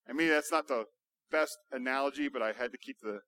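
A male pastor preaching a sermon, building to loud, emphatic rhetorical questions. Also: mid-range voice, brisk.

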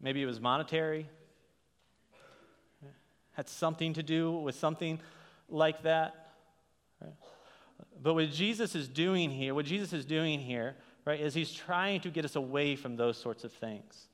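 A man's voice: fairly high pitch, unhurried, pauses often. A man preaches to his congregation, his slightly raised voice carrying through a hall with a long reverb. He talks in a loose, conversational way, stumbling over restarts and checking in with the room with a "right?". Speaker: pastor. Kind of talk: sermon.

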